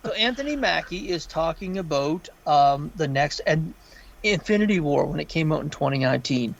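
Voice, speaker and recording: Man, podcast co-host, casual chat, slightly high voice, animated swearing rants. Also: moderate pace, creaky, muffled recording. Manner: animated, swearing, quotes people in raised voice. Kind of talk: casual pop culture chat.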